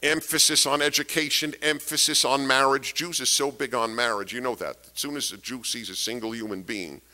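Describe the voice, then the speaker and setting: A man's voice: mid-range voice, fairly even intonation, fairly quick, pushed and bright. A man giving a political lecture to an audience, emphatic, repeating key phrases and asking rhetorical questions. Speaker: speaker giving a talk.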